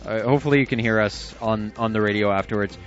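Joking internet radio host, lo-fi sound. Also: male voice, lowish voice, quick pace. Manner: loose and jokey, laughs often, swears casually. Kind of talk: casual chat. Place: small room at home with the window shut. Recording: dull lo-fi sound, faint music.

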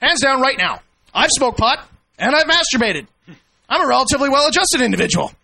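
Brash, high, bright-voiced mocking radio host. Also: male voice, sing-song, brisk, gravelly. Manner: profane, mocking, talks over the guest. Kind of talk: combative radio interview.

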